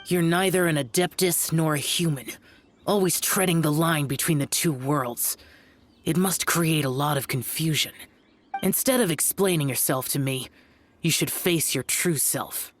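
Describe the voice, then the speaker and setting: A man's voice: a little high, measured pace, a little hiss or hum, lightly acted. A man voicing a stern, aloof young male guardian spirit in a video game, lecturing curtly over music. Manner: cold, lecturing, curt.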